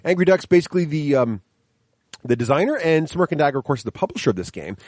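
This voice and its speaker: A man co-hosting a casual board game podcast, energetic and playful, laughing often. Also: a little high, quick pace, no room sound, clean studio sound. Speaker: podcast co-host.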